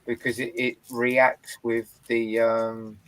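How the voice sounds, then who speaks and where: A man's voice: medium pitch, flat delivery, slow pace, a bit bright, no echo, rough recording. A man streamer in casual chat, sweary, often restarting his sentences. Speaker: live streamer.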